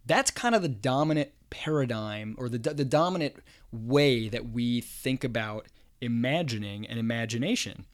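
A man's voice: medium pitch, moderate pace. Casual male podcast host. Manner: casual, thinking aloud, chuckles often. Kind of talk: solo podcast monologue.

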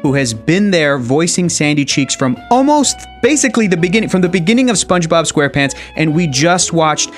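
A man's voice: on the high side, lively intonation, fairly quick, hardly any pauses, faint music behind. A man co-hosting a casual podcast interview, upbeat and easygoing as he introduces the guest and asks questions. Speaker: podcast co-host.

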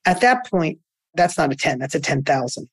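A man's voice: moderate pace, husky, no echo. Male guest, emphatic motivational storyteller, dry close sound. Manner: emphatic, storytelling, animated pitch swings. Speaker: guest entrepreneur. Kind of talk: motivational interview talk.

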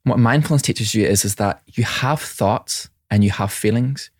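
Low-voiced man telling a reflective story. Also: normal speed, no room sound, clean studio sound. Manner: reflective, warm anecdotes with many restarts. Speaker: mindfulness teacher and separated father. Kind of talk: conversational interview storytelling.

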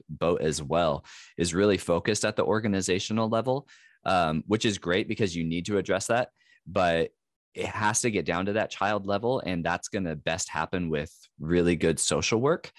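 A man co-hosting a podcast, speaking earnestly and haltingly, with lots of fillers. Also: deep voice, dry recording, clean studio sound. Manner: hesitant, with many fillers and restarts, earnest. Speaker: podcast co-host. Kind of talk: casual podcast chat.

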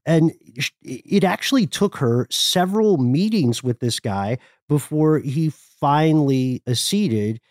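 A man co-hosting a casual history podcast, telling stories with lively voiced quotes. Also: fairly high pitch, a little slow, few pauses, no room sound, clean studio sound. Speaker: podcast co-host.

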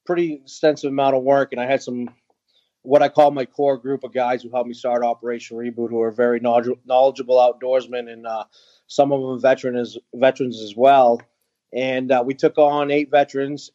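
A man telling a heartfelt story as a podcast guest, earnest and halting with many fillers. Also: mid-range voice, little pitch movement, mellow, no room sound, dull audio. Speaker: guest, veteran nonprofit founder.

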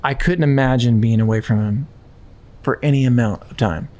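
A man's voice: mid-range voice, moderate pace, darkish tone. A man hosting a podcast, chatting casually and rambling with restarts. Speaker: podcast host. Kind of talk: casual chat.

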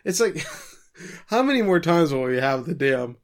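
A man's voice: a little high, big pitch swings, normal speed, long pauses. A man co-hosting a podcast, recapping episode plots in a casual, sardonic way with jokey asides. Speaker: podcast co-host recapping an anime. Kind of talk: casual chat.

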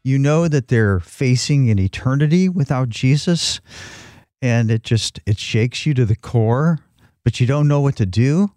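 A man's voice: medium pitch, lively intonation, unhurried, a little mellow, dry recording, clean studio sound. A man co-hosting a Christian talk show, teaching from the Bible in an earnest, reflective way with frequent restarts. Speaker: christian podcast co-host.

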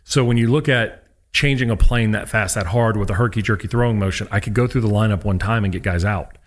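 A man talks quickly, his voice sitting a little low. He tells stories in a casual interview, slipping into the voices of the people he quotes. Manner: animated storyteller who acts out quotes. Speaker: guest, former college pitcher. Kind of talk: casual storytelling.

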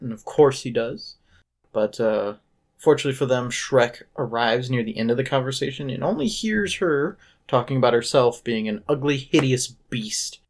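A man chatting casually on a podcast, retelling a stage musical's story with animated asides and quick impressions of the characters. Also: medium pitch. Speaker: podcast host. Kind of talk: casual chat recapping a musical.

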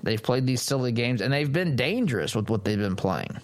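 A man's voice: mid-range voice, animated, normal speed. A man hosting a political talk show, giving an emphatic, sarcastic commentary monologue and speaking straight to his listeners.

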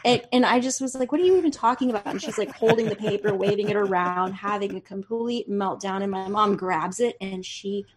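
A woman in her forties, a podcast guest, telling a family story excitedly and acting out the voices. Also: mid-range voice, normal speed, few pauses, over a noisy crowd. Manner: excitable, animated storyteller who acts out voices. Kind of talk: storytelling in casual chat.

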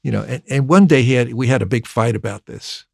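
An older man, a record producer telling stories from his youth in an interview, with many halting restarts. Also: mid-range voice, gravelly, slightly rough, dry recording, studio quality. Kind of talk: storytelling interview.

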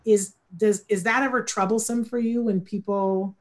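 A woman's voice: medium pitch, steady tone, normal speed. A woman hosting an interview casually, enthusiastic and full of praise for her guest. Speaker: interview host.

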